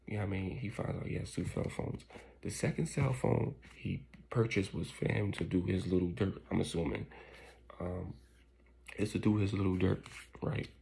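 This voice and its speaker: A man hosting his channel, telling a crude gossip story in an animated, casual way with many asides. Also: low-pitched, moderate pace, gravelly, husky. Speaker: channel host.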